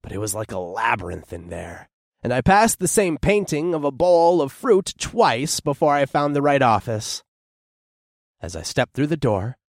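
A man narrating a first-person audiobook with lively, widely moving intonation and a mid-pitched voice. His descriptive storytelling is close-miked, and the recording is dry, with no room echo.

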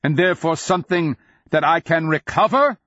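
A man voicing an ancient, inhuman sorcerer king who is mad and grandiose, speaking in a booming, declamatory way for an audiobook. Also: steady tone, moderate pace, no room sound, close to an everyday voice. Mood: scornful. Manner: booming, declamatory, swings into roaring fury. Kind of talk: audiobook character voice. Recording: dull lo-fi audio.

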